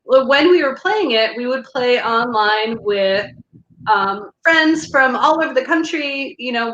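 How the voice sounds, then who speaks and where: Another laughing, chatty podcast co-host, this woman keeps restarting and filling gaps as she talks loosely on a casual chat show. Her voice is on the high side with a fairly bright tone. The audio is dull, with a little hiss or hum and an echoey room.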